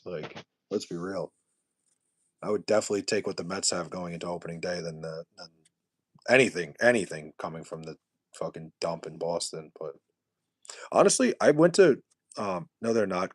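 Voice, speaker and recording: A man's voice: deep voice, dry recording, studio quality. Mocking, profane New man. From New York City. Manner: profane, mocking trash talk. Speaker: live streamer. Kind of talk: casual live-stream chat answering viewers.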